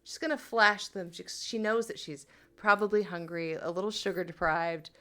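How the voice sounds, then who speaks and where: A woman's voice: fairly low pitch, normal speed, bright, forceful tone. A woman player in a tabletop role-playing game, narrating her character's actions in a playful storytelling way.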